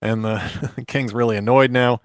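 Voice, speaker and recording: A man in his forties with a steady, mid-range voice casually retells a fairy tale on a podcast, unhurried and in a dry, studio-quality recording. He jokes, laughs often, and restarts a lot in this mix of casual chat and comic storytelling.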